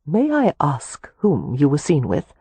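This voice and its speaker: A woman reading as a gentle society matron. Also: deep voice, huge pitch swings, measured pace, breathy edge, dry recording, heavily acted. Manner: gentle, tactful.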